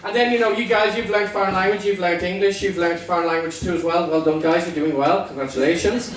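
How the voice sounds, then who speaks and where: A man's voice: sits high, steady tone. A Dublin Irish man in his forties doing stand-up comedy, chatty and teasing as he works the audience. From Ireland. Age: 40s. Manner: teasing, chatty, quick to laugh at the crowd. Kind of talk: stand-up comedy with crowd work. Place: comedy club with a live audience. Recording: echoey room, far from the mic, crowd noise.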